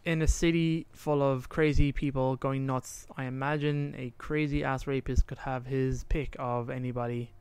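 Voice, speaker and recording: A man's voice: mid-range voice, little pitch movement, moderate pace, hardly any pauses, darkish tone, clean tone. A man co-hosting a podcast in casual chat, animatedly retelling a story and acting out the lines, sometimes trailing off to recall details. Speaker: podcast co-host.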